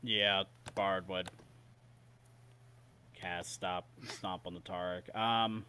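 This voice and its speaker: A man coaching a gaming team over voice chat, calmly directing draft picks on a headset mic. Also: low voice, very slow, slight background noise. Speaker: esports coach.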